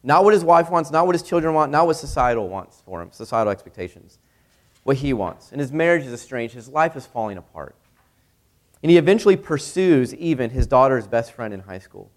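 A man's voice: mid-range voice, big pitch swings, a little fast. A young male pastor giving a sermon in a conversational way, with many rhetorical questions.

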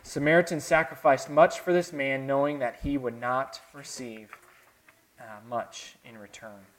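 A man's voice: mid-range voice, fairly even intonation, unhurried, slight background noise. Earnest Southern man preaching a sermon. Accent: Southern American. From American South. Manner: earnest, dramatic swings between soft and emphatic. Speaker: pastor.

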